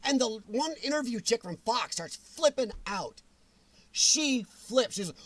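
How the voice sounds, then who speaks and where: High-voiced man ranting on a livestream. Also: animated, normal speed, dry recording. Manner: angry, profane, sarcastic ranting. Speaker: livestream host.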